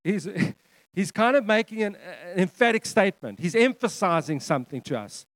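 Middle-aged male pastor, slightly high voice, dry close sound, preaching with emphatic repetition and frequent restarts. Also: very animated, a little fast, a bit bright, no room sound. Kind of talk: sermon.

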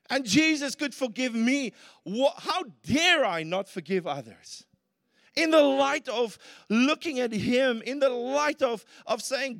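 High-voiced South African pastor preaching. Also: male voice, expressive, a little slow, fairly bright tone. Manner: earnest, rises to emphatic peaks. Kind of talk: sermon. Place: church hall. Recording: reverberant church hall.

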